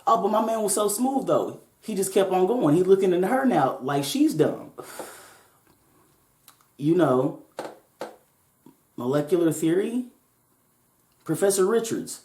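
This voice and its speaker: This podcast host tells a relaxed, profane story peppered with jokes. Her lowish, slightly mellow voice is animated but a little slow, with frequent pauses, and the recording has a roomy echo.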